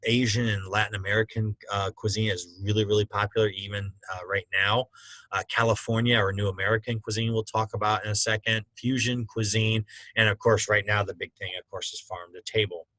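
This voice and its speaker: A man's voice: on the low side, a bit bright, dry recording, poor audio. A man teaching a culinary school class in a casual, conversational lecture with frequent fillers. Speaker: culinary instructor.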